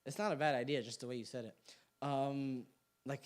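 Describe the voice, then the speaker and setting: A man's voice: mid-range voice, steady tone, normal speed, a little mellow. A young man teaching a class, talking casually and playfully, joking and throwing questions to the room. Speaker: class instructor. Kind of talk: interactive class talk. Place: community center classroom.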